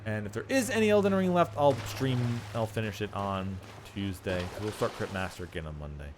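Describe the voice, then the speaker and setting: A man's voice: lowish voice, animated, a little fast, background noise. A man streaming a game live, chatting casually and ranting with lots of swearing and laughter. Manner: rambling, profane ranting with frequent laughs.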